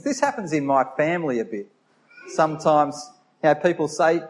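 A man giving a children's talk during a church service, asking the kids questions in a lively way. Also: a little high, normal speed.

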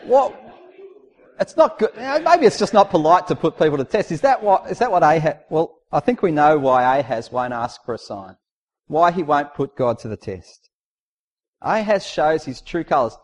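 A man's voice: on the high side, lively intonation, normal speed. A man preaching a sermon in a conversational, emphatic way, posing rhetorical questions and reading out scripture.

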